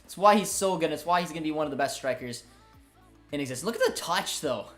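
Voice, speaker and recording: Excitable young man hosting a match stream. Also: on the high side, fast, soft background music. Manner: excitable, chatty, frequent fillers. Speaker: host of a football watchalong stream. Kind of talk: live stream commentary and chat reading.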